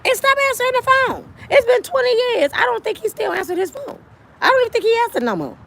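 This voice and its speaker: A woman in her fifties giving blunt, animated and profane celebrity gossip commentary on her vlog. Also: very high voice, fast, gravelly. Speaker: vlogger.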